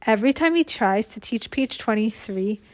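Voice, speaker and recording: A woman reading a children's book aloud to a child, with expressive storytelling and chat in between. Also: a little high, moderate pace. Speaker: reader.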